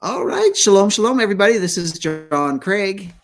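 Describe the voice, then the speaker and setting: A man hosting a faith-based talk show, chatting playfully and excitably with his co-host. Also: high-pitched, normal speed, slight background noise. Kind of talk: casual chat.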